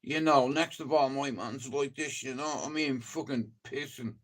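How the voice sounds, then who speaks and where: A man's voice: medium pitch, steady tone, normal speed, fairly bright tone. A man with a Dublin accent, rambling and swearing through a casual live-stream chat. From Ireland. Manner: rambling and heavily profane, chatty storytelling.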